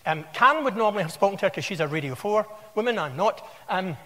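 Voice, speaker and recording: A man's voice: high voice, expressive, quick pace, fairly bright tone. A man in his sixties with a Scottish accent, giving a wry, anecdotal conference talk in a large hall. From Scotland. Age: 60s. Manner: wry, anecdotal, conversational storytelling. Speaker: conference speaker. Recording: long hall reverb.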